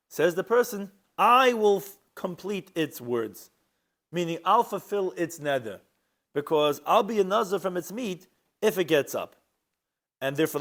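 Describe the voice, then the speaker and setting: Animated man teaching a Talmud class. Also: on the high side. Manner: animated, rhetorical questions, mixes Hebrew and Aramaic terms. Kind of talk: Talmud lecture.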